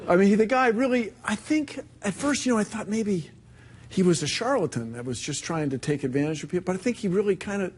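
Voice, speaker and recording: Guy scientist on an interview, kinda high voice, eager, earnest, explaining stuff. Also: lively intonation, fast talker, slight background noise. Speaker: scientist guest. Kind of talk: casual interview.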